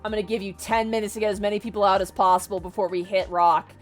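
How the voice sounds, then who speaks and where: A woman voicing a stressed male ship captain who barks loud, urgent orders. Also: mid-range voice, fairly even intonation, fast, faint music behind, lightly acted.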